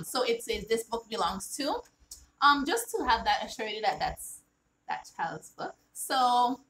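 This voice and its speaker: Heard through a rough recording with a little hiss or hum, this woman's voice is on the high side and a bit bright. She's an author reading from her own children's book on a casual vlog, explaining each line earnestly and checking in with "all right?".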